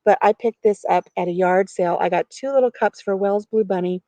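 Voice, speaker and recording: Middle-aged woman chatting w viewers on a live stream outside on her porch, giggly, average pitch. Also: brisk, warm tone, no room sound. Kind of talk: casual live-stream chat. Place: outdoors on a farm porch.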